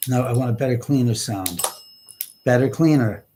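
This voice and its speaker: A man hosting a live ghost-hunting stream from inside his house, grumbling and cursing to himself as he scolds unseen spirits, swinging from sudden loud outbursts to whispered mutters. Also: mid-range voice, moderate pace, very noisy. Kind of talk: live stream, casual chat. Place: indoors in his own house, moving between rooms and stairs.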